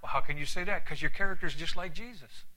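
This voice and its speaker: An older man from Canada delivers a sermon in a high, very bright voice. He preaches emphatically, tells stories along the way, and drops to a near hush for effect. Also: quick pace, rough recording.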